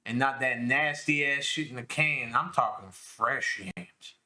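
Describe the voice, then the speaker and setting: A man's voice: mid-range voice, measured pace, pushed and bright. A man co-hosting a podcast, doing a comedic reading of a crude novel and laughing as he goes. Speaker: podcast co-host.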